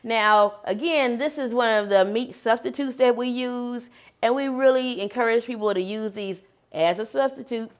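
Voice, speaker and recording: A woman co-hosting a cooking demonstration, explaining steps in a calm, explanatory way. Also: fairly high pitch, moderate pace.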